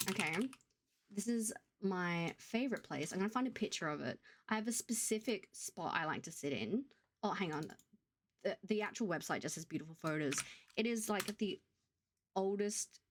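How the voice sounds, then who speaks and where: A young Australian woman chatting casually on her live stream, rambling and full of fillers. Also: fairly low pitch. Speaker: writing streamer.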